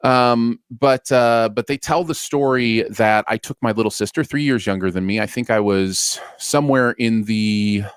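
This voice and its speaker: A young adult man co-hosting a casual live stream from home, talking in a relaxed, hesitant, thoughtful way. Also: mid-range voice, moderate pace, hardly any pauses, clean tone, no room sound, clean studio sound. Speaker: co-host.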